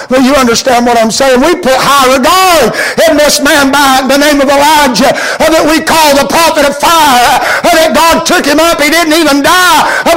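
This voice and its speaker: This sermon comes from a man with an extremely high-pitched voice whose delivery is homespun and plain. His tone shifts from quiet storytelling to loud, emphatic shouting.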